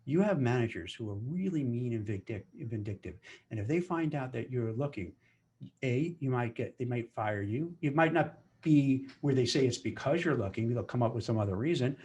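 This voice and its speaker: Man giving animated career advice. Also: mid-range voice, moderate pace, husky. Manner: animated, acts out office chatter in put-on voices. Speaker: career commentator. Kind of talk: casual advice monologue.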